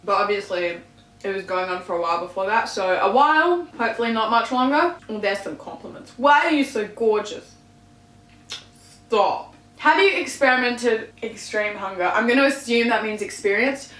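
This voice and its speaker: A woman's voice: mid-range voice, a little fast, a bit bright. Young woman, mid-range voice, vlogger doing an eat-and-chat Q&A; blunt, sweary, laughs a lot; room echo audible. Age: young adult. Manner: candid, swears casually, laughs easily. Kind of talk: casual Q&A chat while eating.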